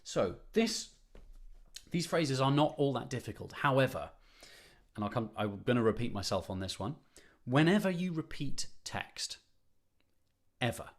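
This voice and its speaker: A man's voice: mid-range voice, fairly quick. A man leading an online choir rehearsal, explaining phrasing patiently, repeating points for emphasis, with light self-deprecating humor. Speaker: choir conductor.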